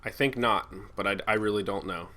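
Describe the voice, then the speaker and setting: A man's voice: on the low side, fairly quick, pushed and bright. A young man from New Jersey co-hosting a casual podcast, sarcastic and ranting, swearing often. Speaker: co-host.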